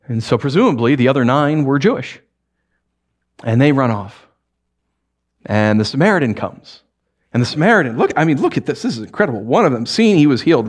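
A man preaching in a conversational, joking way, now and then acting out little voices of the people he talks about. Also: medium pitch. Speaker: pastor. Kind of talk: sermon.

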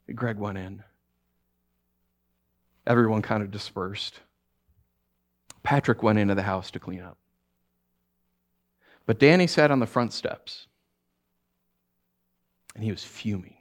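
A man preaching by telling a story, speaking softly and haltingly with frequent restarts. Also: on the low side. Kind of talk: sermon storytelling.

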